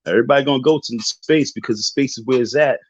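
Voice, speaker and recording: A man's voice: mid-range voice, fast talker, husky, no room sound. A tipsy man from Queens, taunting rivals in an unscripted livestream rant full of slangy street talk. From Southside Jamaica, Queens, New York. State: tipsy from drinking. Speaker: livestream host. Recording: dull lo-fi stream audio.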